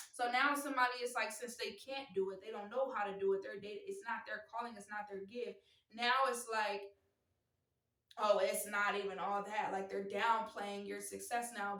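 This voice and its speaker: A woman's voice: medium pitch, a bit bright. An American woman talks through a tarot reading in a loose, earnest, rambling way, circling back over the same phrases. Her voice sits in a mid range and carries a roomy echo. She sounds a little set back from the microphone. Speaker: tarot reader. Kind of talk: casual spiritual tarot reading. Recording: echoey room, voice from a distance.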